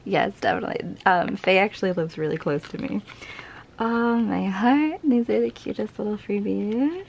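A woman in mid-range pitch chats to her viewers in a casual haul vlog. She gushes and gets excited easily, laughing between phrases and asking "right?" often. A faint noise sits behind her voice. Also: normal speed, gravelly. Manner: chatty, many fillers and tag questions. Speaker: vlogger.

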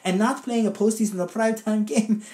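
A woman's voice: mid-range voice, fairly even intonation, brisk, warm tone, echoey room. A woman co-hosting a comedic football podcast, ranting in an indignant, sarcastic, theatrical way. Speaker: co-host and football analyst. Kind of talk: comedic sports podcast rant.

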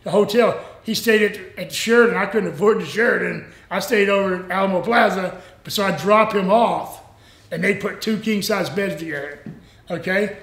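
An older man, a former wrestler telling stories in a rambling, animated way and laughing often. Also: high-pitched, normal speed, reverberant. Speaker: former pro wrestler, interview guest. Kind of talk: casual storytelling interview.

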